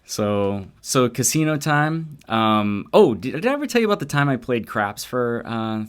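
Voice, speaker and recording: A man's voice: fairly low pitch, very animated, normal speed, clean tone. A man co-hosting a comedy podcast, telling a self-deprecating story in casual chat with hesitant fillers. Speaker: podcast co-host.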